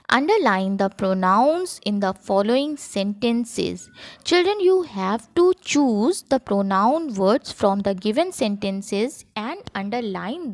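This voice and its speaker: A woman teacher with an Indian English accent, talking children through a grammar lesson in a slow classroom manner. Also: medium pitch, dry recording. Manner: slow, sing-song classroom delivery. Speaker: school teacher.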